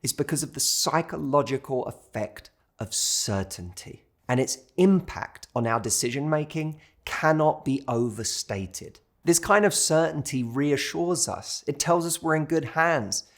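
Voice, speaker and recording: Expressive and unhurried, with few pauses, this man's high-leaning voice carries a British accent. A dating coach speaking directly to camera, he makes his relationship-advice point by storytelling and acting out quoted waiters.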